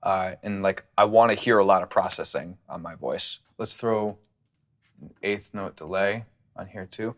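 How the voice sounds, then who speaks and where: A deep-voiced producer explains his studio process at normal speed, relaxed and wandering, heavy on fillers, recorded through a studio condenser mic.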